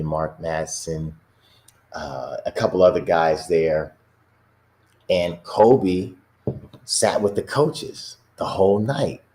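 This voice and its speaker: A man's voice: low voice, darkish tone. A middle-aged basketball coach, a man, telling stories in a casual chat and laughing often as he talks. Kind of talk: casual storytelling.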